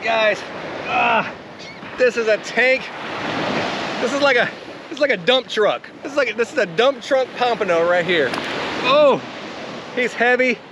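A man's voice: extremely high pitch, a little slow, pauses often. A man who works as a fishing guide, giving casual vlog commentary on a beach and whooping and hollering as he reels in fish. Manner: excitable, whooping and hollering while reeling in fish. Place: outdoors on an ocean beach. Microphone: chest-mounted action camera. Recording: outdoor action camera with loud surf noise. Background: crashing surf.

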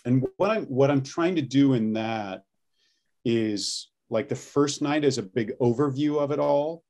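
This is a man talking in a casual interview about coaching actors on voice and accents. His voice sits at an ordinary pitch, and he works through each point step by step with plenty of ums and self-corrections. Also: a little slow, a little mellow. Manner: explains step by step with frequent ums and restarts.

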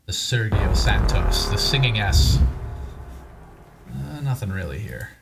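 Low-pitched male gaming host, wry and self-deprecating, talking over loud music. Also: expressive, unhurried, creaky. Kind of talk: casual game commentary while opening card packs.

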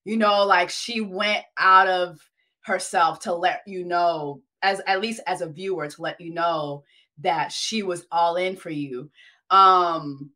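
Host: American woman, bright voice, lively slangy chat. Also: lowish voice, takes it slowly. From United States. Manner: lively, chatty, laughs easily, slangy. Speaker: podcast host. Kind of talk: casual interview chat.

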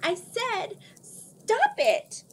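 A nervous young princess who speaks anxiously, her voice pitched a little higher, as a woman reading a storybook puts her on. Faint background noise sits under the reading. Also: brisk, lightly acted. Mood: shouting. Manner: anxious, rising to sharp shouts. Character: nervous young princess, frightened but brave.

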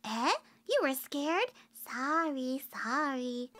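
A young woman streaming a video game with excitable, gasping, theatrical reactions. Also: high-pitched, slow pace. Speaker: VTuber streamer. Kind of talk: let's play commentary. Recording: game music playing under voice. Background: video game music.

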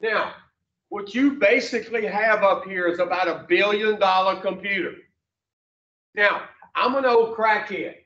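A man's voice: sits high, unhurried, sharp tone. A man giving a blunt, profane motivational talk to a group, asking the room questions in a folksy way. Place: room with a small audience. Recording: roomy, distant, dull mic.

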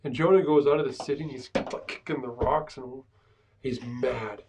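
Heard from a distance with background noise, this pastor's medium-pitched voice stays steady at a moderate pace. He talks conversationally through a Bible survey class, repeatedly checking in with "right?" and starting over mid-thought.

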